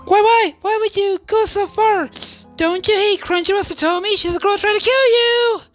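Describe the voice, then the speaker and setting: Woman voicing a high, stammering, lovestruck girl who is dangerously obsessive, for a game dub. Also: moderate pace, faint music behind. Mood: panicked. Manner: breathless, pleading, stammering. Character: obsessive lovestruck young woman wielding a machete.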